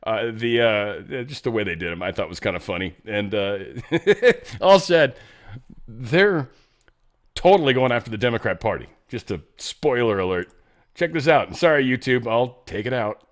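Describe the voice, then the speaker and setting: A man's voice: mid-range voice, expressive, normal speed. A man hosting his own show, giving casual, loose commentary with many fillers and asides. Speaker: show host.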